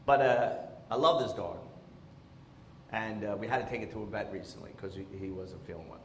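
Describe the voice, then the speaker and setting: A man performing a stand-up comedy set on a theatre stage, telling stories in an animated, exasperated way through a handheld microphone. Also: lowish voice, a little fast, slight background noise. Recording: roomy theatre echo.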